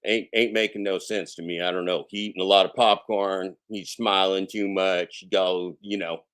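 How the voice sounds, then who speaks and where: A man's voice: low voice, little pitch movement, moderate pace, fairly bright tone, clean tone. A man hosting a casual live stream, talking in a sarcastic, mocking and boastful way and swearing freely.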